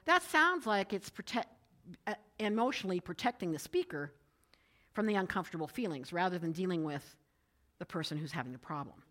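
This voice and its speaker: A middle-aged woman giving a talk to a group, moving from calm advice into lively personal storytelling. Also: on the low side. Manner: lively storytelling, rising with excitement in anecdotes.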